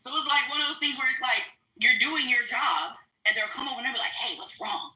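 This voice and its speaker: A woman speaks from her home kitchen while she cooks, telling her stories in a blunt, chatty way full of "like" and "quite literally." Her voice is very bright and rings in an echoey room. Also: high voice, quick pace. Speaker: guest speaker, military veteran. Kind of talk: casual storytelling on a live stream.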